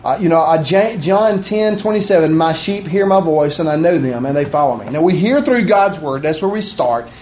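A man's voice: on the high side, lively intonation, normal speed, few pauses, darkish tone, slight background noise. A middle-aged man preaching a sermon in a chatty, self-deprecating way, asking the congregation questions as he goes. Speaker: pastor. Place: church sanctuary.

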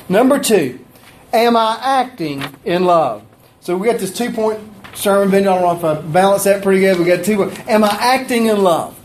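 A man preaching a sermon in a folksy, conversational way, with asides to people in the room and his pitch rising and falling for emphasis. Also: darkish tone, a little hiss or hum. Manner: pitch rises and drops for emphasis. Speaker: pastor.

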